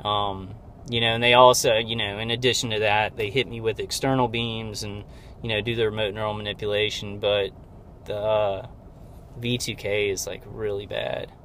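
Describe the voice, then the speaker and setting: A man giving a rambling personal video update from inside his car, halting with many fillers and restarts, strained and close to tears. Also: on the low side, level tone, a bit bright, slight background noise. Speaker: video diarist.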